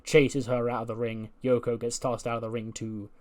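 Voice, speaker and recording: A man at a middling pitch tells wrestling game storylines in a casual, chatty way. He leans on fillers as he goes. When the action heats up, he narrates it as lively play-by-play. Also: normal speed. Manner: animated play-by-play of match events. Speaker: YouTuber recapping a wrestling management game.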